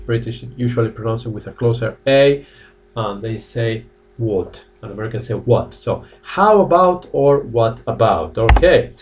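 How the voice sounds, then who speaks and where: A male English teacher runs a live online class, saying each model phrase slowly and then repeating it. His pitch moves a lot and sounds animated. He stands a little away from the microphone, so the sound is somewhat distant. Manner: lively, drawn-out model phrases, repeats them, greets chat viewers. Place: language academy classroom.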